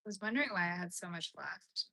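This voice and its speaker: A young Canadian woman hosting a crochet livestream talks fast in a fairly low, creaky voice that is bright and forceful, with lively intonation. She chats casually with viewers while crocheting, rambling and using "like" a lot.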